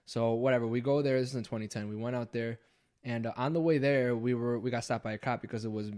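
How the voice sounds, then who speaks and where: A man's voice: medium pitch, quick pace. A young man telling a ghost story casually on a podcast, swearing often and acting out the voices of his friends. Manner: swears a lot, animated when acting out quotes. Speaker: podcast host.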